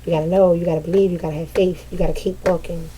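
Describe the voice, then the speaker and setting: A woman's voice: fairly low pitch, little pitch movement, rapid-fire, warm tone, slight background noise. A woman giving a casual vent session to her viewers as a tarot reader, dramatic and profane, often breaking into laughter.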